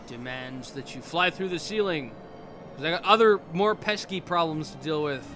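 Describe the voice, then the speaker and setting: A man doing casual gameplay commentary as a let's play host, excitable, sarcastic and self-mocking. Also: fairly high pitch, normal speed, a little hiss or hum.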